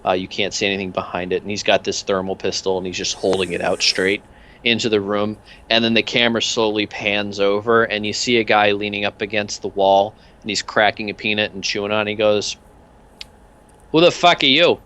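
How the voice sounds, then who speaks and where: Man, game master, rambling narration, lowish voice, tabletop game. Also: monotone, fairly quick, pushed and bright. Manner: rambling, many fillers and restarts.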